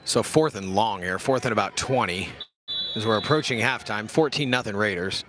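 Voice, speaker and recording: This young man's voice sits on the low side and moves at a moderate pace against a noisy backdrop. He's doing easygoing play-by-play at an outdoor youth football game, cracking slangy jokes and teasing himself.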